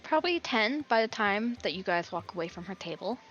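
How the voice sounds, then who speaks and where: Woman game master, bright tone, casual rambling narration. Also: mid-range voice, animated, brisk, lo-fi sound, faint music behind. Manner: casual, filler-heavy narration.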